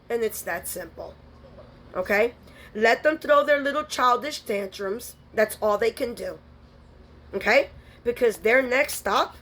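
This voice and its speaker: A woman giving a spiritual tarot reading, blunt and scolding, full of streetwise slang. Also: fairly high pitch. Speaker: tarot reader.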